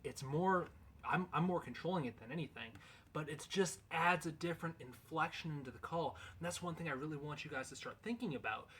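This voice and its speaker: A man's voice: a little high, brisk, a bit bright, slight background noise. A man in a casual instructional video, explaining goose calling in a loose, folksy, conversational way.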